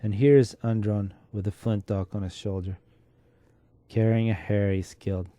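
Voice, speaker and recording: A man narrating a classic short story in a measured, steady reading. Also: on the low side, no room sound. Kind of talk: unhurried literary reading.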